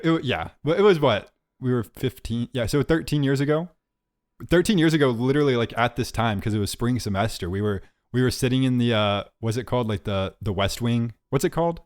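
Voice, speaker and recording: A man in his late twenties co-hosting a comedy podcast, teasing, incredulous and quick to laugh. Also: mid-range voice, lively intonation. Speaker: podcast co-host and editor. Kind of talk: casual comedic podcast chat.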